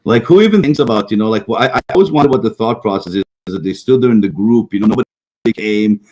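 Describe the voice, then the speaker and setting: A man's voice: on the low side, quick pace, darkish tone, rough recording. Rambling, mocking middle-aged man. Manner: rambling, mocking, repeats himself. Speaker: talk show co-host. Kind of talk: casual political chat.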